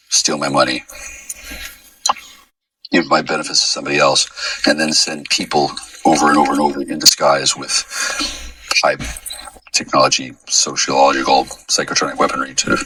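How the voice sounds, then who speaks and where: Man, sarcastic solo ranter, tone swinging wildly from low to high, dry room. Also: bright, forceful tone, no room sound, distant mic, poor audio. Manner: sarcastic, accusing rant with sudden pitch jumps. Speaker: vlogger. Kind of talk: rambling solo monologue.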